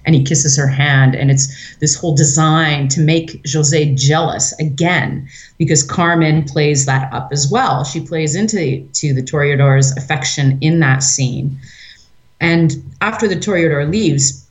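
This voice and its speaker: A woman co-hosting a podcast in casual chat, telling a story in an animated way and acting out quotes. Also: low-pitched, unhurried. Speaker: podcast co-host. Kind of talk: casual chat, retelling an opera plot.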